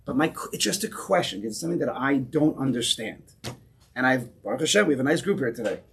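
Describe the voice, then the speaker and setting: A man with an American accent, a rabbi leading an interactive Torah class for a small group, animated and full of questions. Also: medium pitch, creaky, slight background noise. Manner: animated, questioning, keeps pausing listeners. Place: synagogue room with a small group.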